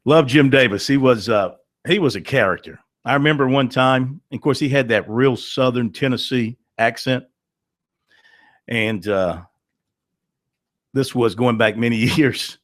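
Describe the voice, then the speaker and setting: A man's voice: mid-range voice, measured pace, dry recording, clean studio sound. A man hosting a call-in sports radio show, chatting in a folksy, storytelling way with plenty of fillers. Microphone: studio microphone.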